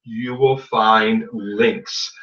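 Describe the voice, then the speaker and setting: Speaking extremely slowly in a steady, fairly bright tone, a man with a fairly low-pitched voice hosts a casual tarot podcast. He's playful and jokey while promoting his readings, and the recording is roomy, distant, dull, and lo-fi.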